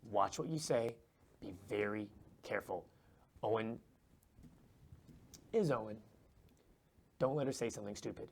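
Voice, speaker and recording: A man's voice: unhurried, long pauses. A man playing a grave, protective adventurer. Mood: urgent. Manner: low, urgent warning tone. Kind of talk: tabletop role-play voicing.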